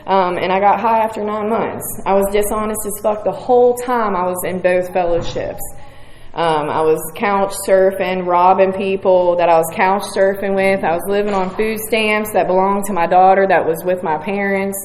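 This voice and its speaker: In a roomy hall with a faint audience and slight background noise, a West Virginian woman tells her recovery story bluntly, with profanity and self-mockery. Her medium-pitched voice is steady, a little mellow, at normal speed.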